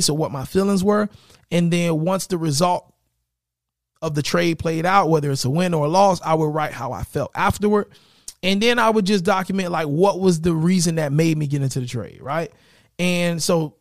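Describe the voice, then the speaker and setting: Upbeat male podcast host, conversational and encouraging, somewhat high-pitched. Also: dry recording, clean studio sound. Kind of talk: casual solo podcast talk.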